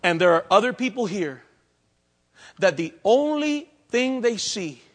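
A man preaching a sermon, swinging between loud outbursts and hushed, intimate asides. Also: high voice, animated, a little slow. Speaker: pastor.

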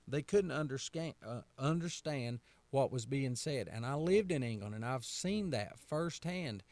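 A man's voice: medium pitch, expressive, unhurried, darkish tone, dry recording. A man from North Carolina with a Southern American accent, a pastor hosting a radio talk in a folksy way, repeating phrases and asking rhetorical questions.

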